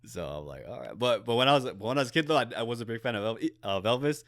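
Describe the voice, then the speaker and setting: A young man hosting a casual interview in a small office, animated and laughing often as he tells stories. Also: mid-range voice, rapid-fire, no room sound, studio quality. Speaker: podcast host.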